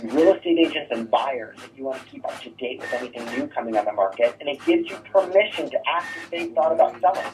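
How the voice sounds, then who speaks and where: A man's voice: medium pitch, expressive, fast talker, hardly any pauses, noisy background. A man teaching real estate agents door-knocking scripts, leaning on rhetorical "right?" asides as he coaches. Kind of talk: sales training talk. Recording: thin phone-like distant sound.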